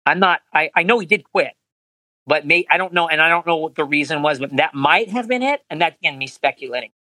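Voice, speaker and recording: A man being interviewed as a voice actor, telling animated anecdotes and acting out quotes in higher voices. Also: quick pace, no room sound, poor audio. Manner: animated storyteller, acts out quotes in high voices. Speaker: voice actor guest.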